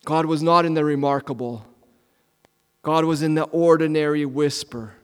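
A man preaching a sermon as a pastor, asking rhetorical questions and repeating lines, swinging from loud emphasis to hushed near-whispers. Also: a little high, fairly even intonation, moderate pace, clear, resonant tone. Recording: long hall reverb.

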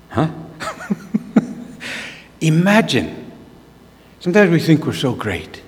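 Lively storytelling preacher man in hall. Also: on the high side, slow pace, pauses often. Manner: animated storyteller who laughs at himself. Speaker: preacher sharing a testimony. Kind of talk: storytelling sermon. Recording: long reverb of a large hall.

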